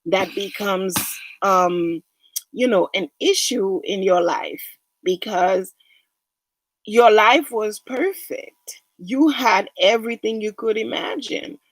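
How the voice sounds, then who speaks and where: Slow-talking woman giving a motivational talk. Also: medium pitch, no echo, low-quality recording. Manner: unhurried, conversational, many fillers. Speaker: wellness speaker.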